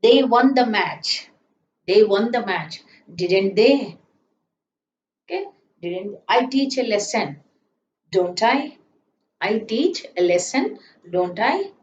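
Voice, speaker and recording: A woman teaching grammar from a chalkboard, slowly repeating her examples and checking in with "isn't it?". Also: mid-range voice, lively intonation, a little mellow, distant mic, a little hiss or hum. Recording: echoey room, voice off-mic, slightly dull.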